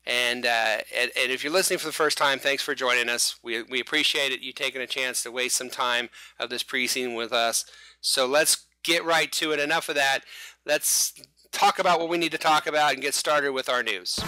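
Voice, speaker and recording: A man's voice: medium pitch, brisk, pushed and bright, no echo, faint music behind. A man hosting a casual fan podcast, talking in a rambling, jokey way and often restarting his sentences. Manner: rambling, jokey, self-correcting. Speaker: host.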